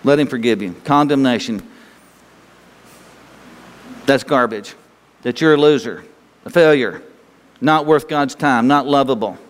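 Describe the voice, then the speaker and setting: A man's voice: mid-range voice, measured pace, long pauses. Folksy preaching man in a reverberant church. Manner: folksy, exhorting, urges the congregation to speak along. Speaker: pastor. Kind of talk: sermon. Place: church sanctuary. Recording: long reverb of a church hall.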